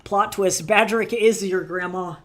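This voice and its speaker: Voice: medium pitch, steady tone, unhurried, a bit bright. An art livestreamer chatting loosely and swearing freely while drawing at a desk mic.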